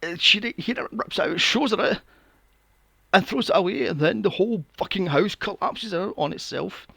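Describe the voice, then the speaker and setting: A man hosting a podcast, recapping a film plot in a casual, animated way, swearing often and acting out his own reactions. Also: high voice, normal speed, vocal fry, slightly rough, dry recording. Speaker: podcast host.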